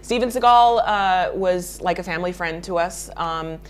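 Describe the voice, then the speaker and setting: A woman's voice: lowish voice, normal speed, a little hiss or hum. A woman makeup artist answering interview questions in a chatty way, laughing often and restarting her sentences.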